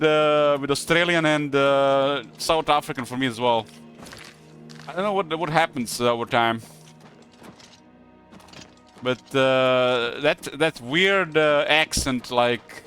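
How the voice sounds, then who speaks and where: A Croatian man speaking English as a second language, with a Croatian accent, chats casually on a live stream while gaming, rambling with lots of hesitant fillers. His voice is a little high, pushed, and bright.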